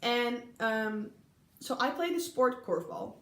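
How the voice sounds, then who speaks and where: Young woman, Dutch accent, chatty, giggly, lots of ums, slightly high voice, roomy echo. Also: lively intonation, slow, fairly bright tone. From Netherlands. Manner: chatty, giggly, many ums, acts out quoted people. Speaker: vlogger recalling an exchange year. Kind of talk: casual storytelling to camera. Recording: echoey room.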